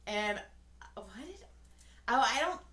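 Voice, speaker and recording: A woman's voice: on the high side, lively intonation, slow, pushed and bright. A woman in her forties co-hosting a podcast, telling a long story in casual chat, swearing freely and acting out what people said. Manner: rambling, swears freely, acts out quotes. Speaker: podcast co-host. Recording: roomy echo.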